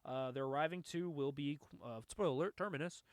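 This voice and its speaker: A man's voice: on the high side, a little fast, clean tone, dry recording, studio quality. A man hosting a casual comic review podcast, recapping animatedly, laughing often and acting out quotes.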